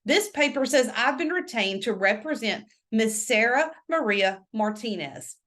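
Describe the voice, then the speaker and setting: A woman's voice: a little high, expressive, unhurried, a bit bright. A woman voicing a polite, cheerful male lawyer with a British accent.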